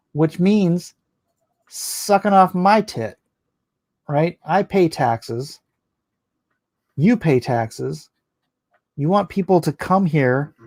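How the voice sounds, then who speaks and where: A man hosting a casual late-night livestream, rambling and opinionated, his voice going hoarse. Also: fairly high pitch, darkish tone, dry recording. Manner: rambling, opinionated, restarts often. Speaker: livestream host reading chat.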